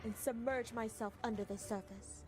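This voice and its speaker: A theatrical little game heroine who makes grand, old-fashioned pronouncements, as a woman puts her on. She speaks in a higher register. Clear music plays under her voice in the played-back clip. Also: steady tone, moderate pace, darkish tone, natural voice. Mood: grandiose. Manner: theatrical, mock-archaic pronouncements. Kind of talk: replayed clip of her own playful character voice.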